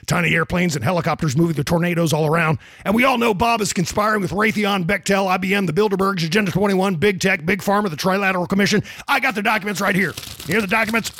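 A man doing an impression of a frantic, paranoid conspiracy radio host who shouts his rant. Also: high voice, husky, no echo, full character voice.

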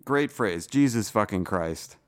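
A man's voice: fairly low pitch, lively intonation, a little slow. Laughing man hosting a podcast. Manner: laughs often, steers the conversation. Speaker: podcast host. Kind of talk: casual podcast chat.

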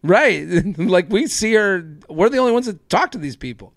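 Brief: male comedy podcast host, slightly higher voice, dry close sound, jokey storyteller. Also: no room sound. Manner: joking, animated storytelling with quick laughs. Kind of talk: casual comedy podcast chat.

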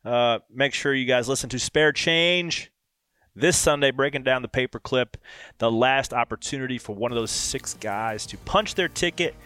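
Animated man telling a story. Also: medium pitch, moderate pace, clean tone, dry recording, faint music behind. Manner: animated anecdote with quoted dialogue. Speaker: podcast host. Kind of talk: casual storytelling.

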